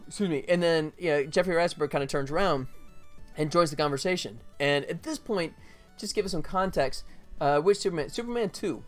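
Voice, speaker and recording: Rambling man telling stories on stream. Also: fairly high pitch. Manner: rambling, many fillers and "right?" asides. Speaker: game developer streaming his work. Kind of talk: casual storytelling on a livestream.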